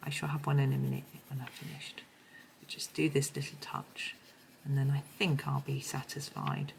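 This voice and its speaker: A woman with a hoarse voice, chatting her way through a colouring tutorial in a meandering, self-correcting manner. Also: extremely low pitch, little pitch movement, moderate pace, a little mellow, slight background noise, rough recording. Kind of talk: casual tutorial narration.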